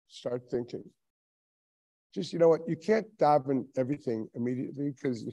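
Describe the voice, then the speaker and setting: A man's voice: on the high side, darkish tone. A man in his seventies, a rabbi giving a sermon, telling stories with frequent chuckles and rhetorical questions. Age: 70s. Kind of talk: Tisha B'Av sermon.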